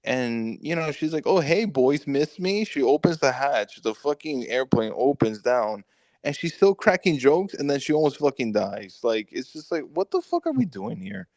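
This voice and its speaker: A man on a movie review podcast, retelling the plot in an animated, profane way with quick mock quotes. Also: mid-range voice, no room sound, studio quality. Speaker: podcast co-host. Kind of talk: casual movie review chat.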